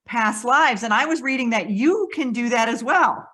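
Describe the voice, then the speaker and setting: A woman hosting a podcast in casual interview chat, encouraging her guest with quick affirmations. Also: on the high side, animated, fairly bright tone. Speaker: podcast host.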